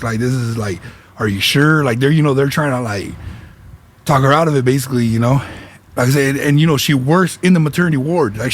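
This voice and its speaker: A man hosting a podcast, telling a casual story in slangy speech with Spanish words dropped in. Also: mid-range voice. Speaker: podcast host and spiritual reader.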